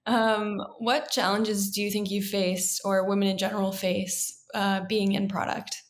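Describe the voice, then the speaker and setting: A woman's voice: medium pitch, level tone, unhurried. A woman hosting a podcast interview, asking short questions and offering brief listening sounds. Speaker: podcast host.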